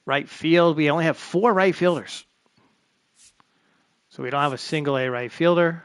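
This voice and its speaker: A slightly high, clean-toned male voice at a moderate pace, recorded dry, belongs to a streamer playing a baseball management game. He gives chatty live commentary, talking to himself while sorting players.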